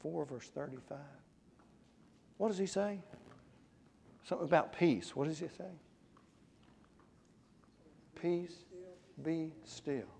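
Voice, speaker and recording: Questioning preacher in a reverberant church. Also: male voice, on the high side, lively intonation, moderate pace, gravelly, pauses often, a little mellow, slight background noise. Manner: conversational, quizzes the congregation. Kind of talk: interactive Bible class sermon.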